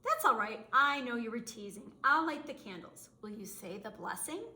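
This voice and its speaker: A woman's voice: fairly high pitch, animated, moderate pace. Woman putting on a kindly old grandmother. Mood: fussing kindly. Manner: warm, fussing, chatty. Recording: roomy echo.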